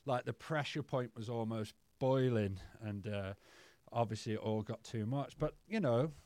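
A man's voice: mid-range voice, normal speed, a little mellow, no room sound. A man telling his own stories as a podcast guest, in a loose, rambling way, swearing freely and calling everyone "mate". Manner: peppers speech with "mate" and swearing. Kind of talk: candid casual storytelling.

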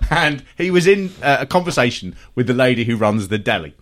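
A man's voice: mid-range voice, sing-song. A man co-hosting a podcast, joking and laughing often in casual chat. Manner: quick-witted, jokey, laughs often. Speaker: podcast co-host.

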